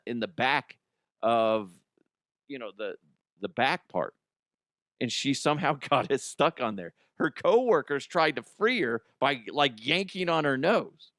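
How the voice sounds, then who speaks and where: A man's voice: a little high, a bit bright, dry recording, studio quality. Laughing man riffing on odd news. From Colorado, US. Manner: rambling, laughs often, crude jokes. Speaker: comedy news host. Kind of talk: casual comedic news commentary. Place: studio.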